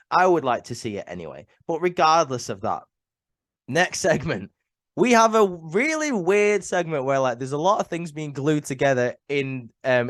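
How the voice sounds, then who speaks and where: Man with a cold and sniffles, solo reviewer, chatty and opinionated, lots of fillers, mid-pitched, dry close sound. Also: no echo. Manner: chatty and opinionated, many "um" and "like" fillers, repeats words. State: ill, sniffling. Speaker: wrestling show reviewer.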